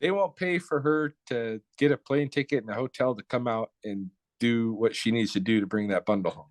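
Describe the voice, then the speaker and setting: A middle-aged man from the Blackfoot Nation, talking as an interview guest in a blunt, profane, relaxed storytelling way. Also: medium pitch, brisk, no room sound. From Blackfoot Nation, North America. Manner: relaxed, conversational, with short restarts.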